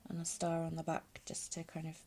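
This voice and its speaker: Woman showing a craft project, low voice, unhurried, gravelly edge, hesitant with ums. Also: completely flat delivery, dark tone. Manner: hesitant, many ums while working. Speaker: craft tutorial host. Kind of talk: hands-on craft demonstration. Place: home craft space.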